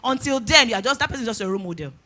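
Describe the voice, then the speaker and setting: A woman's voice: on the high side, lively intonation, racing, pushed and bright. A woman, a guest speaker giving earnest, direct career advice at a conference. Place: conference stage before an audience.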